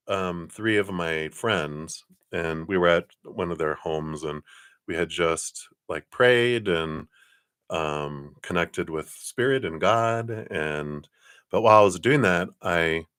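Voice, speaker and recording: A middle-aged man hosting a live card-reading stream, chatting casually, often chuckling and clearing his throat. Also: low voice, takes it slowly, a bit bright.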